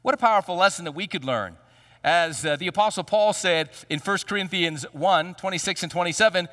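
A man preaching a sermon as pastor. He speaks emphatically, with dramatic pauses and large swings in pitch. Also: a bit bright. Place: large church sanctuary. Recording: long hall reverb.

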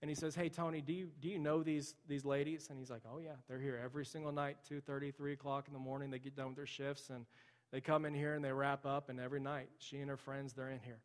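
A man's voice: medium pitch, level tone, quick pace. A man preaching a sermon, telling a story in an earnest, conversational way with frequent fillers. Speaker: pastor. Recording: long hall reverb.

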